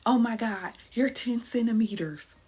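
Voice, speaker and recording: A woman's voice: a little high, unhurried, noisy background, pitched above the performer's own voice, close to an everyday voice. A woman voicing a curt, scolding female labor nurse while retelling a story. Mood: surprised.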